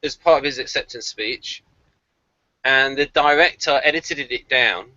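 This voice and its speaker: A man hosting a casual group video-call chat, animated and quick to laugh, who likes trying out accents. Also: mid-range voice, dry recording, highs cut off. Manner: animated, laughs often, tries accents for fun. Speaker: channel host.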